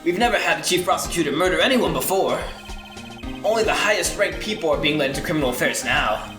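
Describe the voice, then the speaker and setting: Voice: mid-range voice, lively intonation, quick pace, natural voice. A gamer reading a bumbling, friendly male police detective's lines aloud, tacking "pal" onto sentences. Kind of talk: reading game dialogue aloud. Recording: echoey room with game music.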